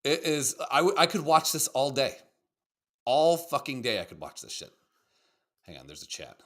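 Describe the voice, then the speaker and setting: A man talks loosely as a podcast co-host, his voice bright and edged, swinging widely up and down in pitch. He swears freely and rambles from thought to thought with excitable energy. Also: moderate pace. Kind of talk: casual chat reacting to videos.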